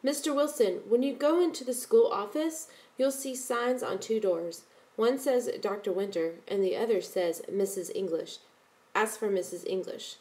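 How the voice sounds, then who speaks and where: A woman's voice: mid-range voice, normal speed, dark tone, lightly acted. A woman reading the part of a cautious, polite schoolboy who gives short, guarded answers. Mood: eager.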